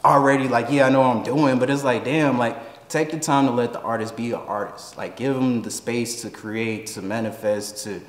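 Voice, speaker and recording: A man from Houston, a rapper talking in a casual interview, animated and profane and laughing often. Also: mid-range voice, normal speed, echoey room, big-room sound.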